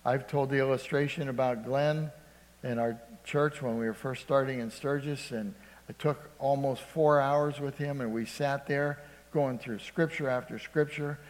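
A male pastor delivering a sermon, his voice at a mid pitch. He rises to loud emphasis and drops to hushed storytelling, calling "Amen?" to the congregation. Long reverb trails his words through a church hall. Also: fairly even intonation, moderate pace. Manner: preaching with frequent "Amen?" calls, swinging from loud to hushed.

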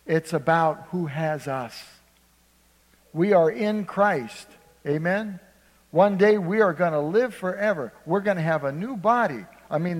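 In a rough recording with a big-room sound, a man with a voice on the high side preaches a sermon. He tells a folksy story, acting out voices and calling on the congregation for amens.

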